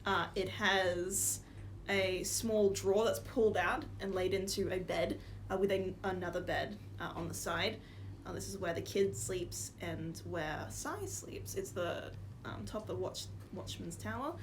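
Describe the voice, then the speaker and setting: A woman's voice: fairly low pitch, measured pace, slight background noise. A woman narrating as game master of a tabletop game, with giggles and many fillers.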